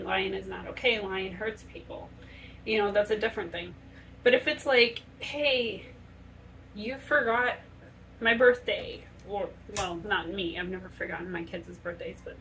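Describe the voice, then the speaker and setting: Woman vlogger, earnest casual chat, bathroom at home, mid-pitched, distant mic. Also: fairly bright tone, slight background noise. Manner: earnest, conversational, many restarts and quoted speech. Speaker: makeup vlogger. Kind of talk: casual chat to camera while doing makeup.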